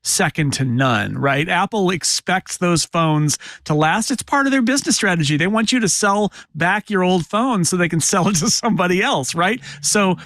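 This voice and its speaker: A wry, opinionated man on a podcast panel with a fairly high voice, talking in quick bursts. The sound is dry and close. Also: lively intonation, fairly bright tone, no room sound. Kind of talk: casual panel chat.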